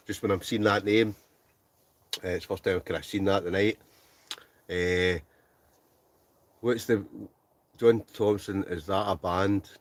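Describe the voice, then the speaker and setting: A Scottish man with a low, deep voice chats easily through a livestream, reading out comments and laughing as he goes. He speaks from inside a tent, relaxed and talkative. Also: unhurried, long pauses, no room sound. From Scotland. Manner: chatty, laughs often, reads viewer comments aloud. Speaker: livestream host. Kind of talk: casual live chat reading comments.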